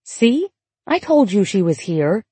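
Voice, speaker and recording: Small, polite, reassuring woman, read by a female narrator; husky, mellow tone. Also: a little high, big pitch swings, measured pace, dry recording, exaggerated voice.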